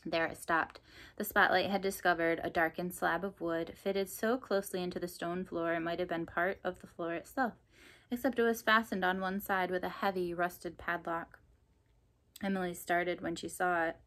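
Woman narrator, low-pitched, expressive storybook reading. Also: moderate pace. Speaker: audiobook narrator.

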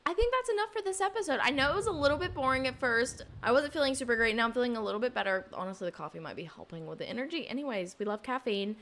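A young woman giving casual let's play commentary on a life-sim game, reacting excitedly and dramatically to what happens on screen. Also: a little high, very fast, hardly any pauses, a little hiss or hum. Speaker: gaming YouTuber.

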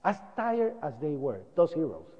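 Lively man telling a story to an audience, high voice, dull recording echoing in a hall. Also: moderate pace. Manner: animated storytelling, acts out sounds and voices. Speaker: speaker recounting events. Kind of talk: public talk to an audience. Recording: dull lo-fi sound, long hall reverb.

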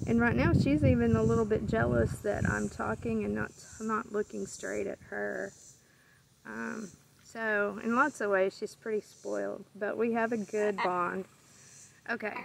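A woman's voice: mid-range voice, vocal fry, a bit bright, a little hiss or hum, rough recording. A middle-aged woman chatting in a casual, rambling vlog outdoors, getting sidetracked and stopping to coo at her pet bird. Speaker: pet owner vlogger.

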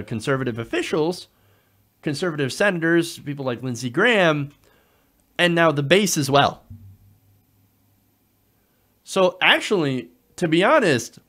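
Animated male political commentator. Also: fairly high pitch. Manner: animated, indignant, with frequent "uh" fillers and restarts.

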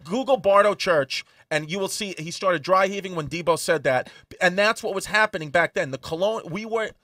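A man with a New York accent co-hosting a comedy podcast, telling history in a crude, animated way. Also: high-pitched, normal speed, no echo, distant mic. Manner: profane, animated storytelling.

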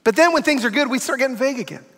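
A man preaching a sermon as a guest preacher, telling stories in an animated way and acting out the quotes. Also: very high-pitched, racing, long reverb tail. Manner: animated storytelling with acted quotes. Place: large church sanctuary.

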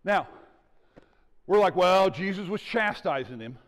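A man preaching a sermon as pastor, animated and calling out to the congregation for responses. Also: high-pitched, a little slow. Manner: animated preaching with audience call-outs. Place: church sanctuary. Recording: church hall with long reverb.

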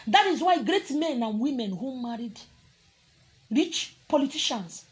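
A Nigerian-accented woman preaching with a strongly husky, breathy voice pitched a little high. She lectures her listeners sharply, scolding and confronting them as a spiritual teacher. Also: lively intonation, unhurried. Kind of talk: preaching to an audience.

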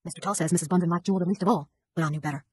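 A woman's voice: fairly low pitch, steady tone, very fast, darkish tone. A woman reading a first-person chapter of a novel as an audiobook, with an indignant, gossipy manner. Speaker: audiobook narrator.

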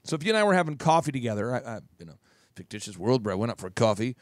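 A man from Minnesota hosting a podcast, talking through advice in a jokey, animated way with lots of repetition. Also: medium pitch, very fast, no room sound, clean studio sound. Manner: jokey, animated, repeats phrases. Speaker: podcast host and business coach. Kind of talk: advice monologue.

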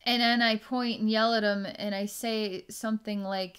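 A woman giving a psychic healing session, musing slowly and trailing off with fillers. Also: mid-range voice, fairly even intonation, a bit bright, clean tone. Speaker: psychic energy healer.

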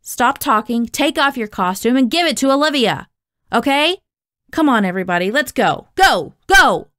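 A woman reading aloud voices an angry, short-tempered male drama teacher who shouts and snaps at the students. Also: mid-range voice, expressive, normal speed, no room sound, studio quality, lightly acted. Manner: shouting, exasperated.

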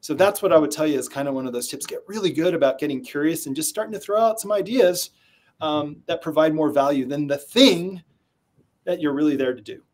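A man with a somewhat high voice, being interviewed as a sales trainer. He tells stories in a lively way and acts out what people said. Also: fairly quick. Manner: animated storyteller who acts out quotes. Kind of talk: conversational interview storytelling.

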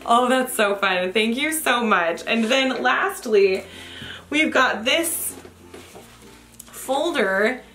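Gushing young woman vlogger, fairly high and very bright, casual and excitable. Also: slow pace, pauses often. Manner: gushing, excitable, laughs often. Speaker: vlogger opening fan mail. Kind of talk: casual unboxing chat.

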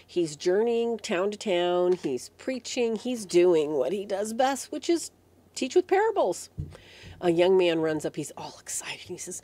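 A woman with a lowish voice hosts a devotional meditation talk, telling scripture as an animated story. She is getting over a head cold and clears her throat often. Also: normal speed. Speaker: host.

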